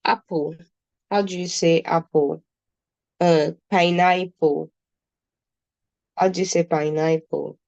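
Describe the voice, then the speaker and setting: A woman's voice: on the low side, steady tone, takes it slowly, gravelly, pauses often, darkish tone, dry recording, dull audio. A woman with a Nigerian accent teaching a beginner German class, patiently repeating words for her students. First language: Nigerian English speaker.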